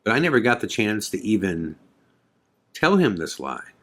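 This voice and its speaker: Male podcast host with a deep voice, recounting events casually and quoting other people's lines. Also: big pitch swings, normal speed, fairly bright tone. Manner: conversational, filler-heavy retelling with quoted dialogue. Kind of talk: casual storytelling.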